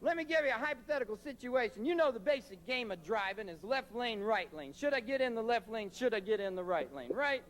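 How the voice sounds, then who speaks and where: A man's voice: very high voice, lively intonation, brisk, hardly any pauses, a bit bright. A man performing live stand-up comedy, ranting brashly with plenty of profanity and scolding hecklers. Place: concert stage before a live audience. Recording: live concert recording with audience noise.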